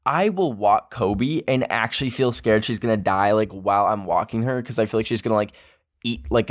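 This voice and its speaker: A man's voice: mid-range voice, no room sound, clean studio sound. A young man hosting a podcast, telling a story in a casual, emotional way, full of "like" fillers. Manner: chatty, filler-heavy with frequent "like", emotional. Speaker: podcast host.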